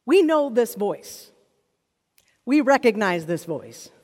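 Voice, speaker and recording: A woman's voice: a little high, very animated, takes it slowly, darkish tone. A woman preaching a sermon, reading scripture and then speaking earnestly, building to emphatic intensity. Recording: long reverb of a large hall.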